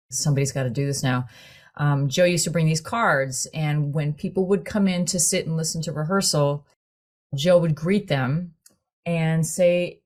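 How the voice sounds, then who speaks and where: A woman with a low voice tells a story to a small group in conversation. She is animated and laughs often as she goes. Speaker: choir director.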